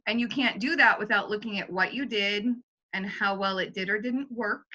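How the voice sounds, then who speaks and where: A woman's voice: medium pitch, normal speed, bright, forceful tone, lo-fi sound. A young adult woman talking casually in a book discussion, rambling with fillers and restarts. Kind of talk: casual chat.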